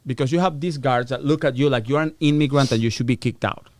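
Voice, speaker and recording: A middle-aged American man, guesting on a podcast, speaks at a quick pace in a medium-pitched voice, captured in a dry recording. He tells animated stories full of profanity, acting out the voices of the people in them.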